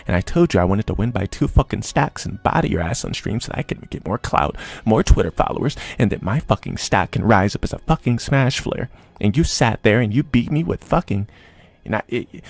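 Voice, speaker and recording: A man voicing a smug, scheming blackmailer who taunts slowly with mocking laughs. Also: on the high side, sharp tone, full character voice. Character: smug scheming male blackmailer, gloating and vengeful.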